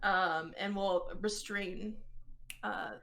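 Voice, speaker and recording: A woman's voice: medium pitch, steady tone, extremely slow, creaky, a bit bright, a little hiss or hum. A woman playing a tabletop game who talks in a wry way, sighing and laughing as she plays. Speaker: player. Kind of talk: casual tabletop game play.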